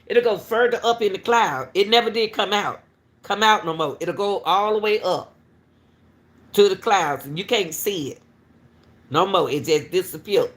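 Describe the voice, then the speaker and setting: A woman, a school crossing guard, casually telling viewers a story in an animated way and calling out to them often. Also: mid-range voice, moderate pace, slight background noise. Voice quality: talks straight to viewers with repeated "y'all", animated and laughing.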